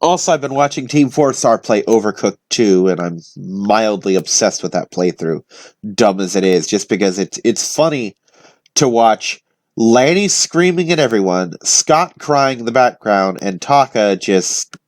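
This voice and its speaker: Young man, vlog host, casual rambling chat, fillers and restarts, lowish voice. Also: lively intonation, measured pace, no echo. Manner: loose and conversational, with frequent fillers and restarts.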